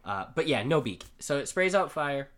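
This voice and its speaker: A man's voice: mid-range voice, big pitch swings, moderate pace, fairly bright tone. A man co-hosting a casual podcast, rambling and joking as he recaps a story, swearing freely. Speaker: podcast co-host. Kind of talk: casual comic chat.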